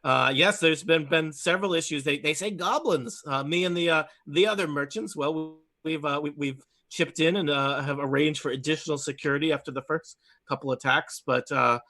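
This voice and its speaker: A man's voice: fairly high pitch, moderate pace, sharp tone. A man voicing a chatty, fretful male gnome gem merchant who talks in eager, hesitant bursts. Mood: worried.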